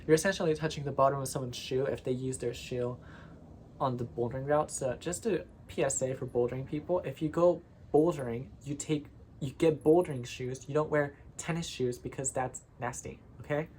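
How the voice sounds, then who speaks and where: A chatty vlogger talks in a loose, rambling way and keeps drifting onto new tangents. The voice sits at an ordinary middle pitch, and a faint background hiss runs under it. The tone turns playfully indignant when the talk gets heated. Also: fairly even intonation, fairly quick, a little mellow. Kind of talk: casual rambling monologue.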